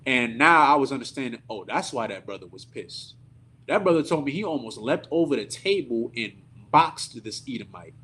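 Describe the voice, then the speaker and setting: Male preacher, sermon storytelling, husky, lively pitch, indignant, conversational. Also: moderate pace.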